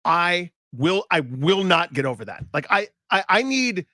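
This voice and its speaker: Animated ranting sports radio man. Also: high-pitched, a little slow, no room sound, clean studio sound. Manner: ranting, animated, mock-dramatic. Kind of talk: heated sports talk.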